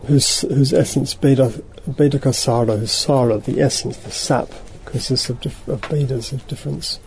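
A man teaching a study group, reading passages aloud and then explaining them in a halting, thoughtful way, often correcting himself mid-sentence. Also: medium pitch, fairly even intonation, darkish tone, a little hiss or hum, rough recording.

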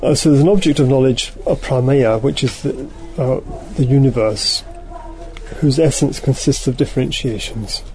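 Halting, thoughtful male teacher. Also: mid-range voice, a little mellow, rough recording. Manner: halting, thoughtful, corrects himself mid-sentence. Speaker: teacher leading a study group. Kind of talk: reading a text aloud and explaining it.

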